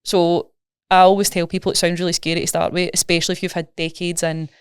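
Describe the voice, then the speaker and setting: Fast-talking Scottish woman coach. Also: on the low side, smooth, no room sound, clean studio sound. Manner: chatty, rapid, animated explaining with examples. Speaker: nutrition coach, guest. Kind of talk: casual podcast interview.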